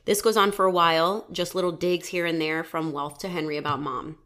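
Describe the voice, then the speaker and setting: Animated woman telling a crime story. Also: lowish voice, a little fast. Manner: animated, laughs often, swears casually. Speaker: podcast host telling a true crime story. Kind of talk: casual storytelling chat.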